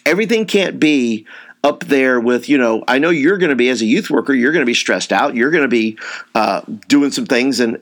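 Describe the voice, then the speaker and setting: Chatty man coaching youth workers. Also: mid-range voice. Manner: conversational, acts out example dialogue, many fillers and restarts. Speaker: youth ministry trainer. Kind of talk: informal teaching talk.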